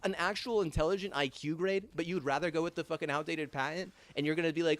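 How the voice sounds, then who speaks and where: A man's voice: a little high, no echo. A young man in a rambling, angry rant, swearing constantly and stopping to restart his sentences. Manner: angry, heavy swearing, halting restarts and fillers.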